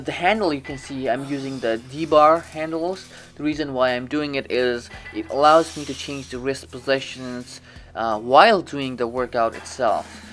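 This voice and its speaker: A man explains gym exercises in a loose, casual way, stumbling and correcting himself as he goes. His voice sits at an ordinary middle pitch. Faint music plays in the background of the gym. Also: a bit bright. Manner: rambling, many restarts and self-corrections. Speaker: fitness vlogger. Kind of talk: casual workout instruction.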